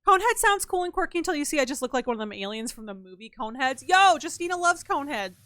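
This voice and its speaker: A young woman streams a game and talks with her chat in a bright, slightly high voice. She is animated and jokey, jumping from loud outbursts to low muttered asides. The sound is close and dry, with no room around it. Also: fast talker, dry recording. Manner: animated, laughing, swings between loud outbursts and mumbled asides; reads chat messages aloud. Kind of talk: casual chat with stream chat while gaming.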